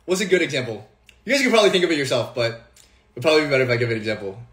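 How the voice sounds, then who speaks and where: Bright, playful young man streaming live. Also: mid-range voice, expressive, rapid-fire, breathy edge. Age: 20s. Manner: rambling, joking, lots of fillers and restarts. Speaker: livestream host. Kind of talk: casual live stream chat. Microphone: phone livestream.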